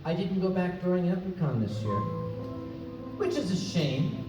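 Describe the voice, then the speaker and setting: A man's voice: high-pitched, animated, moderate pace. A man telling a comic story live on a convention stage, chatty, self-mocking and prone to digressions. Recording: echoey hall, mic from far off, music. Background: soft instrumental music.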